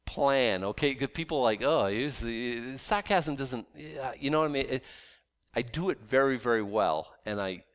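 A man reading scripture aloud and explaining it in a casual, animated way, with sarcastic asides and many restarts. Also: mid-range voice, clean tone. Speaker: Bible teacher. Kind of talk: conversational Bible teaching.

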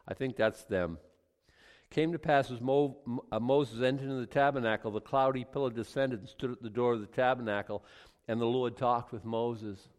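A man's voice: medium pitch, moderate pace, a little mellow, in a large hall. A man teaching a Bible study in a casual, conversational way, reading scripture aloud then commenting with frequent restarts.

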